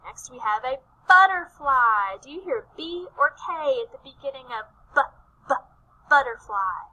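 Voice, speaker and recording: A woman with a high, bright voice leads young children through a phonics lesson. She speaks in a slow, sing-song way and draws out each letter sound. She stays gentle and encouraging, posing questions and then answering them herself. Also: lively intonation, rough recording. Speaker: teacher.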